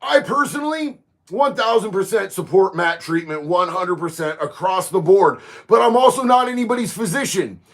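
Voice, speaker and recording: A man, chatting casually on a livestream, reading viewer comments and getting loud and emphatic on his opinions. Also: high voice, expressive, moderate pace. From Florida. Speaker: livestream host.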